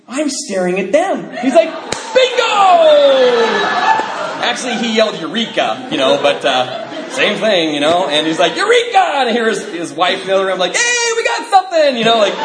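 A man sharing his story with a group, animated and laughing often, jumping high in pitch when he acts out other people. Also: echoey room.

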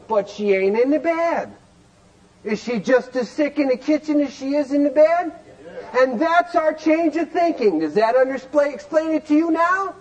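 A man's voice: very high-pitched, lively intonation, moderate pace, dull audio. A man teaching a recovery group in a folksy, emphatic way, peppered with rhetorical questions. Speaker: recovery meeting speaker. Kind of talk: animated teaching talk.

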